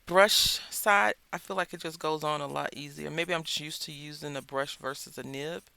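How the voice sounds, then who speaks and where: Southern lady rambling while she crafts, gravelly voice, bright and sharp tone. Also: low-pitched, normal speed, no room sound. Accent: Southern American. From Southern United States. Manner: chatty, rambling storyteller. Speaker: craft channel host. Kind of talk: casual chat while crafting. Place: indoors at a craft table.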